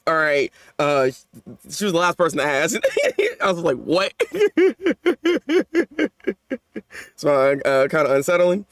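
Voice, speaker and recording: Animated, high-voiced man reacting live. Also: slow pace, no room sound, studio quality. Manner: animated, slangy, stammers and repeats words. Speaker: manga reaction YouTuber.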